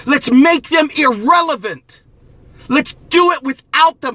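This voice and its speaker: High-voiced angry ranting man. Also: expressive, a little slow, no echo. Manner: angry, profane, exhorting, often shouting. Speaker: host of a political commentary show. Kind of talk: impassioned political rant to camera.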